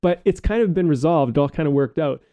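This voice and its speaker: A man's voice: fairly high pitch, lively intonation, a little fast, warm tone, dry recording, lo-fi sound. A man co-hosting a podcast in casual conversation, reflective and rambling, swearing now and then. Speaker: podcast co-host.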